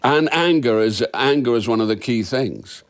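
A man, an actor, talking frankly and reflectively in an interview, now and then with a soft laugh. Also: medium pitch, animated, normal speed. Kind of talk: candid interview conversation.

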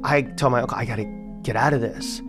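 A man in an interview, casually telling his own story in an animated, chatty way, with music playing underneath. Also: mid-range voice, fast talker. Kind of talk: casual first-person storytelling.

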